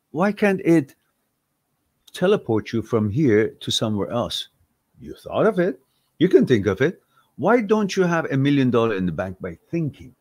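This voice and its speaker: A man's voice: medium pitch, husky, no echo. Guy doing a live stream q&a, heated and blunt, lots of questions, voice all over the place. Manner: blunt, heated, swears when riled; rhetorical questions, animated delivery. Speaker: live stream host answering viewer questions.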